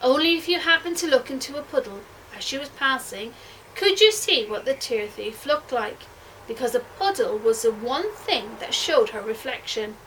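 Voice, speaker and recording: A woman, a primary school teacher, reading a picture book aloud expressively and dropping to a hush at tense moments. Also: sits high, moderate pace, recorded from a distance, slight background noise, poor audio. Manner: expressive, hushed at suspense.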